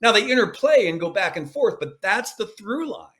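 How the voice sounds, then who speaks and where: A man's voice: sits high, big pitch swings, normal speed, fairly bright tone. A man speaking as a podcast guest, coaching with emphatic, repeated phrases. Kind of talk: podcast interview.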